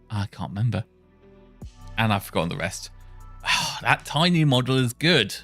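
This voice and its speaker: A man talking to himself while testing speech software, muttering and correcting himself as he goes. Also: medium pitch, expressive, fairly quick, faint music behind. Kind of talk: casual thinking-aloud coding session.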